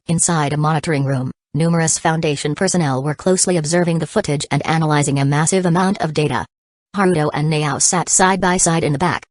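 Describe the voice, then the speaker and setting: A woman narrating an audiobook in an even, steady storytelling manner. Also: sits low, no echo.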